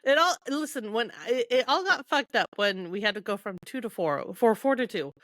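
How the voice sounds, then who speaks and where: A woman's voice: a little high, expressive, moderate pace, a bit bright, no echo. A woman and mother of two co-hosting a casual book podcast, wry and blunt. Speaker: podcast co-host. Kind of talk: casual book-club chat.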